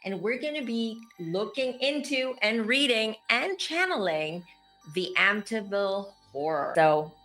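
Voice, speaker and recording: A woman's voice: on the high side, big pitch swings, unhurried, fairly bright tone, faint music behind. A woman hosting a casual chat as a psychic medium, talking emphatically with restarts. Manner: emphatic, rambling, frequent restarts.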